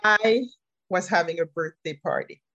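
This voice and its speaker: A woman telling a personal story on a podcast, animated and laughing often, repeating key phrases for emphasis. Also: on the low side, normal speed, muffled recording. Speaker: podcast speaker and life coach.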